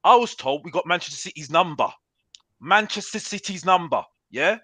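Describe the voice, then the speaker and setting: A man's voice: high voice, lively intonation, normal speed, sharp tone, dry recording. A man ranting in a heated football debate, repeating "bruv" and talking over the others. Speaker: panelist on a football talk show.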